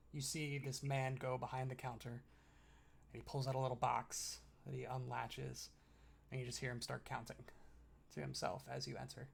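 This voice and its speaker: A man's voice: medium pitch, creaky. A man narrating a tabletop game as game master, rambling through descriptions with many fillers.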